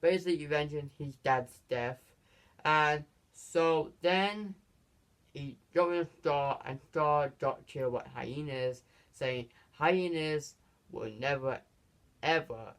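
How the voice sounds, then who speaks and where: This is a casual movie reviewer who walks through the plot in a rambling, halting way. They stumble, restart lines and keep coming back to the same filler phrases. The pitch sits in an ordinary middle range. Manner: rambling plot retelling, repeats "basically" and "this is where".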